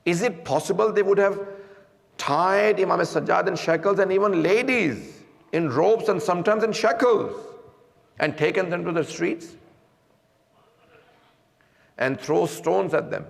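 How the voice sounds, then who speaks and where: Male preacher, sermon storytelling with rhetorical questions, rough fry in the voice, long hall echo. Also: sits high, expressive, a little slow, pauses often. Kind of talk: majlis sermon.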